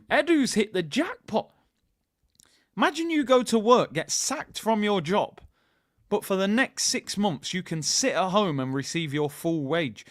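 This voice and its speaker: A man's voice: high voice, unhurried, no echo, studio quality. A young man from hosting a football channel, chatting casually with jokey banter and slang. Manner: animated, jokey, slangy banter with put-on voices. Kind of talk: casual live-stream chat.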